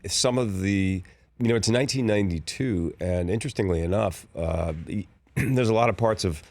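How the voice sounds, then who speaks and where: A man in his sixties from Philadelphia, an actor guest telling rambling, relaxed stories on a talk show. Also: on the low side, normal speed. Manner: relaxed, rambling storyteller with restarts and laughs. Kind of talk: casual interview chat.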